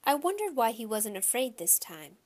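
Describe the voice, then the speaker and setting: A woman narrating a children's audiobook in a lively first-person storytelling voice. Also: fairly high pitch, moderate pace.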